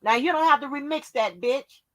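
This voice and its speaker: A woman's voice: high voice, normal speed, fairly bright tone. A woman hosting her own channel, delivering a profane, confrontational rant that scolds her viewers. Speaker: channel host.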